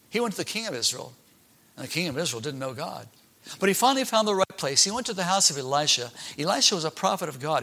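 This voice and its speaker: A man tells a Bible story to children with a bright, ringing voice that sits a little above the usual male range. He keeps checking in with his listeners through questions and acts out the characters along the way. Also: fairly high pitch, vocal fry.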